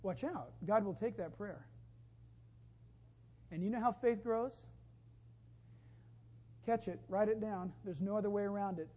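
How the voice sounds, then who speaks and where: A woman pastor delivering a sermon, emphatic and building to loud exclamations. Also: medium pitch, measured pace, pauses often, highs cut off.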